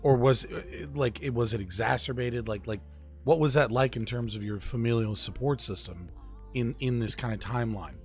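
A man's voice: medium pitch, moderate pace, faint music behind. A man in his thirties hosting an interview, asking hesitant questions full of fillers. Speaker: interview host. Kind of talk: casual interview.

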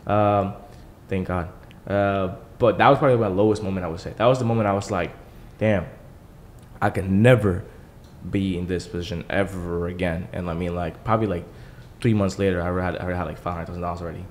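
Fast-talking young man, casual and profane. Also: low voice, a little hiss or hum. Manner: fast, profane, animated storytelling. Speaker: podcast guest, entrepreneur. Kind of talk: casual storytelling.

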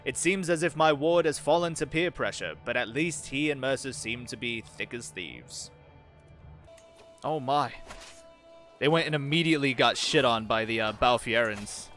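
Bright-voiced man narrating a strategy game. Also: medium pitch, moderate pace, faint music behind. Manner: casual, chatty, mutters reactions to the game. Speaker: gaming channel host. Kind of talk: let's-play commentary, reading in-game events aloud.

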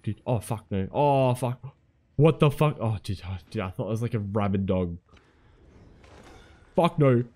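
A man commentating a horror game, jumpy and heavy on swearing, shouting back at the enemies on screen and pleading with his teammate. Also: fairly low pitch. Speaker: gaming commentator.

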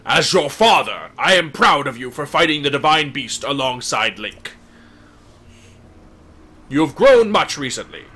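A man reading out the lines of a kind, stately old fish-folk king from a game, in a formal, measured way. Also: a little high, big pitch swings, bright, forceful tone, husky, full character voice. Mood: solemn, warm.

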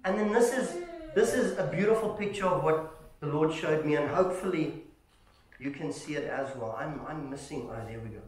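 Animated preacher man in an echoey church. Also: fairly high pitch, normal speed. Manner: animated storytelling, acting out shouts; calls congregation "family", asks "Amen?". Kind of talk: sermon. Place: church hall.

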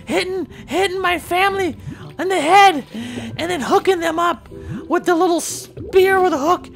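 A woman playing Flipper, a rambling creaky dolphin. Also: extremely high pitch, lively intonation, unhurried, faint music behind, exaggerated voice. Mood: alarmed. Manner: rambling, stammering storyteller full of fillers and repeats. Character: chatty young bottlenose dolphin, rambling and excitable. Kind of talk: in-character game commentary.

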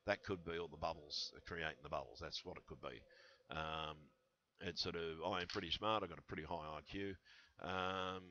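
A man's voice: deep voice, fairly even intonation, moderate pace, pushed and bright, lo-fi sound. A man rambling through a vlog monologue, answering viewer comments in a conspiratorial way with lots of fillers and restarts, on a headset mic. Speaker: channel host.

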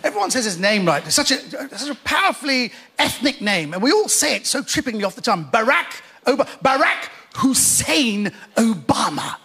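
A man's voice: extremely high pitch, sing-song, fast talker, hardly any pauses. A man from Iran doing a chatty, self-mocking stand-up routine with punchy delivery. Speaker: stand-up comedian. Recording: loud live crowd and noise on stage.

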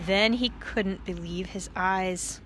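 A woman priest reading a picture book aloud to children, animated and expressive, with playful sound effects. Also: medium pitch, slow pace, a little hiss or hum.

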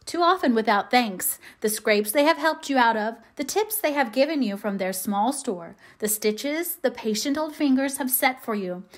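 Gentle woman reading a classic novel. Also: fairly high pitch. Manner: measured, gently expressive. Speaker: audiobook reader. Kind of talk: scripted narration.

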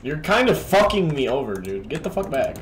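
Lively, swearing man narrating his gameplay. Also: fairly high pitch, a little fast, slight background noise. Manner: frustrated, profane trash talk at the game. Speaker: gamer playing a video game. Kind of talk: casual gameplay commentary. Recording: game music under the voice. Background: game music and keyboard typing.

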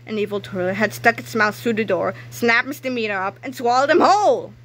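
A woman reading a children's book aloud in a lively, expressive way. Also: fairly high pitch, a little fast, few pauses, a little hiss or hum. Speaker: narrator.

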